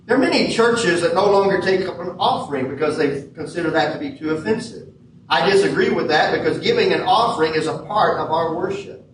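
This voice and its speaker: A man preaching a sermon as pastor in a church sanctuary, measured and leaning hard on key words. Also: sits high, a little hiss or hum. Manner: measured preaching with emphatic stresses. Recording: echoey hall from far off.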